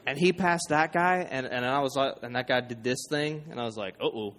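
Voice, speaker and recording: A man preaching, telling a funny personal story with animated quoted voices. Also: medium pitch, a little fast, a little hiss or hum. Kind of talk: storytelling sermon.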